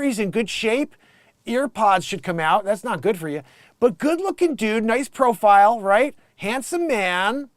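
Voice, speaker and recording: A man hosting a casual comedic commentary show, animated and mocking, slipping into quick voices for the people he describes. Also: high-pitched, no room sound, studio quality. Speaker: host.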